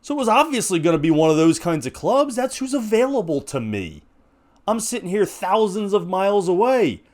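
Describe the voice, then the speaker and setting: Animated American man in his forties. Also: high voice, fairly quick. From United States. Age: 40s. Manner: impassioned, rhetorical, with frequent restarts. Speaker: podcast host. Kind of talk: opinionated monologue.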